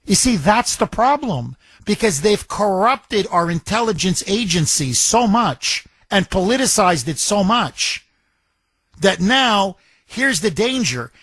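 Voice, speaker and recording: A man's voice: high-pitched, a bit bright, no echo. A man hosting a talk radio show, speaking emphatically and repeating himself for effect while taking calls. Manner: emphatic, repetitive, combative.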